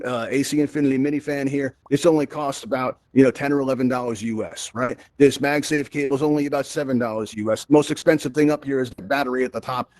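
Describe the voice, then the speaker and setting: Man, fast-paced tech presenter, dry close sound, chatty, storytelling, keeps asking "right?". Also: mid-range voice, no room sound. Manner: animated, storytelling, frequent "right?" tag questions. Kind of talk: casual tech tutorial talk. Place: virtual reality social space.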